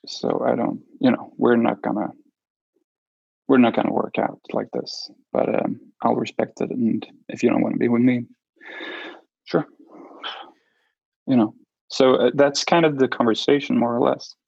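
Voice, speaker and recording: A man in an interview telling a personal story, halting and restarting often as he speaks. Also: mid-range voice, flat delivery, vocal fry, darkish tone, husky, no room sound, muffled recording. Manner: halting, with many restarts and fillers. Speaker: interview guest.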